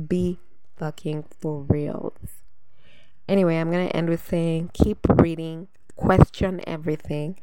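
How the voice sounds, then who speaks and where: A woman hosting a solo podcast, ranting bluntly and with profanity, breaking into sudden loud outbursts. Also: fairly low pitch, clear, resonant tone, poor audio. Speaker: podcast host.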